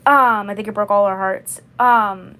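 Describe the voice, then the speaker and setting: A woman's voice: mid-range voice, fairly even intonation, unhurried, pushed and bright, low-quality recording. Rambling woman in her twenties. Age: 20s. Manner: rambling, repeats herself. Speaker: vlogger. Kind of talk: casual livestream chat.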